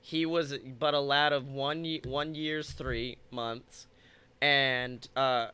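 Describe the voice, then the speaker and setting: A young man improvises a silly tale in a playful, rambling way, tossing in crude jokes. His voice is bright and crisp, and he takes his time, recorded close and dry. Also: medium pitch, steady tone, slow pace. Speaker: podcast co-host. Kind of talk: improvised comedic storytelling.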